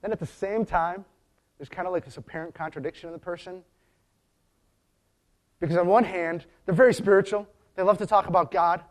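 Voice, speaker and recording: A man's voice: high-pitched, steady tone, a little fast, pauses often. Chatty storytelling preacher man. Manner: chatty storytelling with frequent restarts. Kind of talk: conversational sermon.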